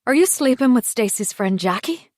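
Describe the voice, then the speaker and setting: A woman's voice: a little high, lively intonation, normal speed, a little mellow, no room sound, studio quality, pitched above the performer's own voice. Woman voicing a suspicious, hurt wife. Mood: accusing. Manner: anxious, accusing, pleading.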